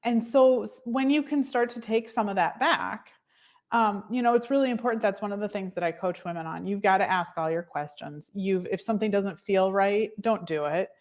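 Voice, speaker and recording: A woman working as a fertility coach, chatting as a podcast guest and telling her own story with lively quoted asides. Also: mid-range voice, normal speed. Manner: chatty storyteller, animated quoting of others. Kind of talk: casual interview conversation.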